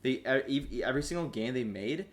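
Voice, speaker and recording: A man's voice: mid-range voice, expressive, brisk. A young man co-hosting a casual gaming podcast, chatting offhandedly with lots of fillers. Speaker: podcast co-host.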